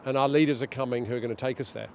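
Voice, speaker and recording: A middle-aged man being interviewed outdoors, talking in an animated way and acting out what others say. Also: medium pitch, very fast, vocal fry, a little hiss or hum. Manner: animated, storytelling, acts out quotes. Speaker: guest, director of a global governance group. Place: outdoors near a street demonstration.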